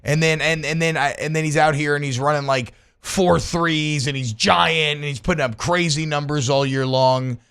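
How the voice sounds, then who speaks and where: Joking high-voiced sports radio man. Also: fairly even intonation, normal speed, few pauses, a bit bright, clean tone. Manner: joking, loose, slangy banter. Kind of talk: casual sports talk.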